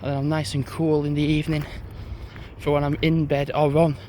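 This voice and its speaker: A man's voice: a little high, little pitch movement, fairly quick, darkish tone, a little hiss or hum. A young man, rambling casually to his phone while out on an evening walk uphill. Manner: rambling, chatty monologue. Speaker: vlogger. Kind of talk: casual walking vlog.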